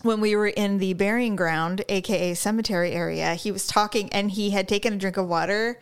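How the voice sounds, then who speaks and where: A woman chatting casually as a podcast co-host, telling lively stories and acting out what people said. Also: a little fast, clean tone. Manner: animated storyteller, acts out quotes in a high voice. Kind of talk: casual chat.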